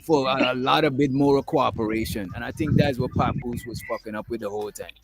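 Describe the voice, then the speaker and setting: Gravelly-voiced man hosting casual talk. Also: mid-range voice, brisk. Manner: emphatic, keeps adding "bro". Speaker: host. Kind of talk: casual chat. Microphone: streaming call mic.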